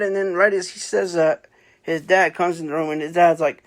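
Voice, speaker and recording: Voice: mid-range voice, measured pace, a bit bright. Casual book-review host, rambling delivery, lots of fillers and self-corrections. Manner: rambling, many fillers and restarts; acts out characters' lines in a raised voice. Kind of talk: casual spoken book review, retelling the plot.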